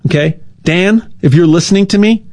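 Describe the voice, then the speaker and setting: A man giving a loose, rambling sales pitch for buying gold, stumbling over repeated words and throwing in jokey asides. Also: moderate pace, darkish tone, no echo. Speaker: gold dealer spokesman.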